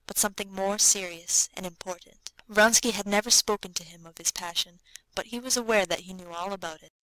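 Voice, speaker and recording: A woman narrating a classic novel in a steady, measured audiobook reading. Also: mid-range voice, no room sound, poor audio.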